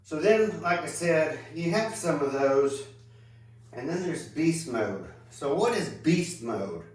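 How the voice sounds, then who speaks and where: Guy giving a slow laid-back golf lesson, kinda high voice, echoey and far off. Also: expressive. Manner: easygoing, unhurried, talks while hitting balls. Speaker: golf instructor.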